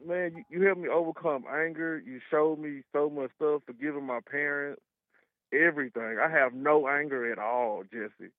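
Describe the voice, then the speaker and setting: A Texas man in his thirties calls into a radio show, telling stories in a chatty, casual, slangy way. His voice is on the high side with fairly even intonation and normal speed, carried over a tinny phone line with no echo.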